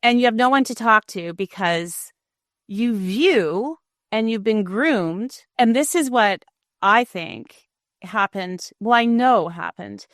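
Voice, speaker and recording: A woman's voice: medium pitch, lively intonation, takes it slowly, no echo, clean studio sound. A middle-aged woman, a former news anchor, talking frankly and reflectively as an interview guest, often restarting her sentences. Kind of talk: candid interview conversation.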